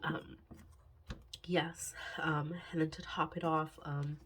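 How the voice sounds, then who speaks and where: A woman in her twenties talking candidly in a personal vlog, halting and sighing often, emotional and close to tears. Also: deep voice, little pitch movement, a bit bright, a little hiss or hum. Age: 20s. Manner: halting, sighing, many fillers and restarts. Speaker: budgeting vlogger.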